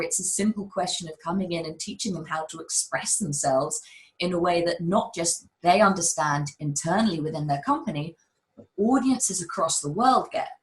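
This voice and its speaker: A public speaking coach with a neutral British accent speaks on a webinar video call. Her voice sits a little low for a woman. She talks with emphatic energy and turns often to address the audience directly. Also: low-quality recording. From United Kingdom. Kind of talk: webinar advice talk.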